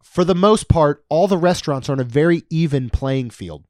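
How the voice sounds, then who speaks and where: A man's voice: a little high, lively intonation, moderate pace, a little mellow, dry recording, clean studio sound. A man co-hosting a podcast in casual chat, reading out prices with jokey asides. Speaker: podcast co-host. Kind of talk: casual podcast chat about theme park costs.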